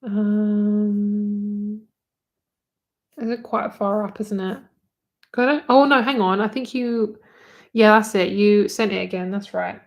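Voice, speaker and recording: A woman's voice: medium pitch, fairly even intonation, slow, pauses often. A young British woman, a tarot reader, chatting candidly with viewers on a live stream, swearing freely and saying "like" often.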